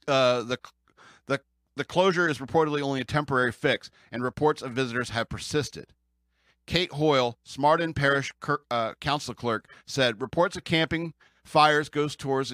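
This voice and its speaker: A man's voice: mid-range voice, fairly bright tone, no room sound, studio quality. A man with an American accent, chatting casually about the news as a podcast host, rambling and joking, often laughing and restarting his sentences.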